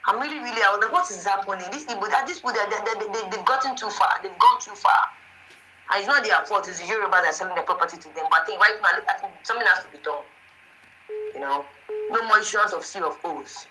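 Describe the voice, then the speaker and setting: A woman's voice: medium pitch, quick pace, pushed and bright, rough recording. A woman caller with a Nigerian accent, ranting agitatedly on a call-in show and repeating her words. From Lagos, Nigeria. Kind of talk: call-in rant.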